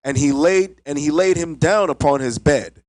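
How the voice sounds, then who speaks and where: A man reading scripture aloud in a steady, measured way. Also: on the high side, no echo, poor audio. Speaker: scripture reader.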